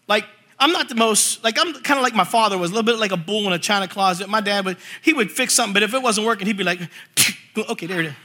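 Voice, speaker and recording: A man preaching a sermon, reading scripture slowly and telling animated stories with jokes. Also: sits high. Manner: animated storytelling, jokes and voices; reads scripture slowly and forcefully. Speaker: pastor.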